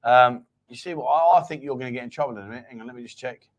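A man's voice: medium pitch, very fast, muffled recording. A man hosting a casual live-stream chat show, teasing his co-host and reading viewer comments aloud.

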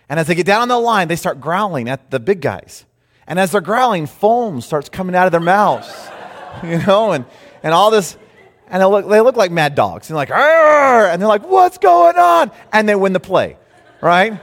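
A man preaching a sermon, telling a story with lively acted-out quotes. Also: high voice, long reverb tail. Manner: animated storytelling, acts out quotes. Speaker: pastor.

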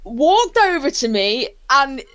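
Excitable woman, high dry voice. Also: takes it slowly, dry recording. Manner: excitable, rambling, laughs often. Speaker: guest. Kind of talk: casual interview storytelling.

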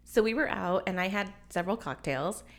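A woman in her forties tells a story in a relaxed podcast chat. her pitch sits in the middle range, and she talks in lively bursts full of "like". she laughs a lot between sentences. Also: fairly quick. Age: 40s. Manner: animated storyteller, laughs often, many "like"s. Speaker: podcast host. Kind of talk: casual chat among friends.

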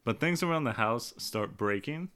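Casual man with a smooth voice, joking and swearing through a game recap. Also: medium pitch, lively intonation, normal speed, fairly bright tone. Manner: profane, jokey, acts out quotes. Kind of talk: casual chat about a video game.

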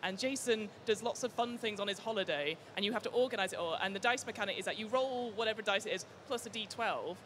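A man, a game master speaking on a live panel, lively and animated with quick bursts of speech. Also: high voice, a little hiss or hum. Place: stage before a live audience.

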